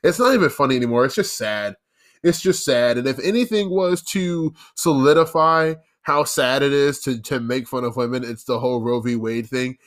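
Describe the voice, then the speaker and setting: A man's voice: mid-range voice, brisk, hardly any pauses. A young man hosting his own podcast, talking alone in a casual, ranting, sarcastic way with frequent restarts. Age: young adult. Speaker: podcast host. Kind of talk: casual solo podcast monologue.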